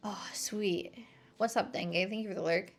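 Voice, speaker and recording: A woman's voice: mid-range voice, steady tone, moderate pace, soft background music. A woman streamer chatting casually and playfully while she plays a game.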